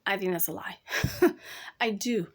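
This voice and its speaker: A woman's voice: medium pitch, unhurried. A young woman hosting a casual advice talk, speaking candidly and chattily, addressing listeners as y'all. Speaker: podcast host.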